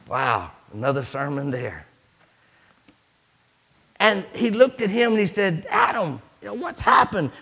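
Man preaching, lively pitch, bright voice, dramatic storytelling, hushed to shouting. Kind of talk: sermon.

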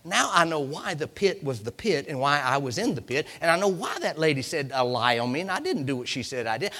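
A man preaching a sermon in a dramatic style, repeating phrases and swinging from loud to hushed. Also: on the high side, big pitch swings, brisk, few pauses.

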